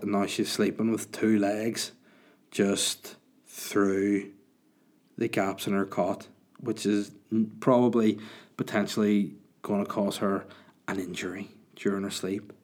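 A man's voice: fairly low pitch, flat delivery, unhurried, a little mellow. A man in his thirties hosting a comedy podcast, telling crude, rambling stories in a self-mocking way. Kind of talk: casual comedic podcast chat.

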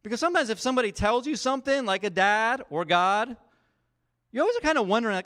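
Extremely high in pitch, fairly bright, animated and fast, this man preaches a conversational sermon. He tells stories, acts out the quoted voices, and chats along using fillers such as "like" and "you know."

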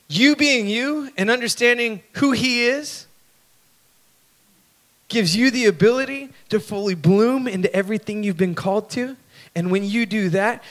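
High-voiced man preaching a sermon. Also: a bit bright. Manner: storytelling with acted-out voices and laughs; conversational, asks the audience questions. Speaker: pastor.

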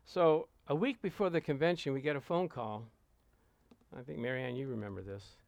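A man preaching to a congregation, telling a lively anecdote and acting out the voices of the people in it. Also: mid-range voice, normal speed, gravelly, no room sound. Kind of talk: storytelling sermon to a congregation.

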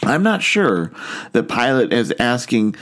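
A man preaching a sermon in an earnest, questioning manner. His voice sits at an ordinary middle pitch. He keeps turning to rhetorical questions for the congregation. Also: very animated, a little slow, fairly bright tone. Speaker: pastor.

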